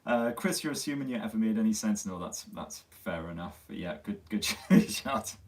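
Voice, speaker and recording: Low-voiced Sunderland man, a bit far from the mic. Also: expressive, moderate pace. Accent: Northern English (Sunderland). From Sunderland, North East England. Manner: chatty, swears freely, self-mocking. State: slightly losing his voice. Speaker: tech channel host. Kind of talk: casual live-stream chat. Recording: distant mic on a phone stream.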